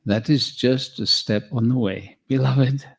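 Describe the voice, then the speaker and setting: Man, spiritual teacher, unhurried and measured delivery, mid-range voice. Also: medium pitch, vocal fry, husky. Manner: measured, calm, addresses listeners as beloved. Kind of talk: slow guided spiritual teaching.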